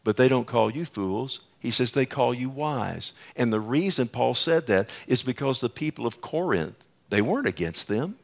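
Male preacher, mid-pitched voice, unhurried delivery, explains scripture in plain talk. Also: animated, gravelly. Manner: paraphrases scripture in plain everyday terms. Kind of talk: sermon.

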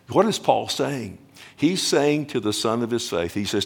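A man preaching a sermon as pastor, earnest and animated, often restarting phrases and asking the congregation questions. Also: mid-range voice, moderate pace, creaky, breathy edge.

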